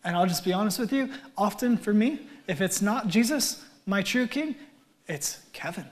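A male pastor preaching a conversational sermon with wry asides, his voice swelling loud and then dropping nearly to a whisper. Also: high voice, expressive, moderate pace.

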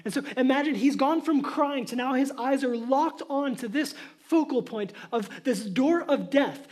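A male pastor giving a sermon, moving from casual storytelling to loud, emphatic preaching. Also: extremely high pitch, normal speed, hardly any pauses.

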